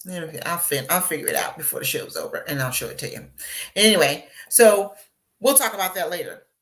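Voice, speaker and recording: A woman's voice: on the low side, a little fast. A woman hosting a live show as a beauty consultant, chatting casually with viewers and acting out little asides. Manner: chatty, animated, acts out voices in asides.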